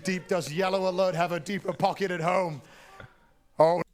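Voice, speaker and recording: A man runs a live auction and calls for bids in a playful, teasing manner. His voice is notably high for a man. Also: steady tone, normal speed. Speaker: charity auctioneer.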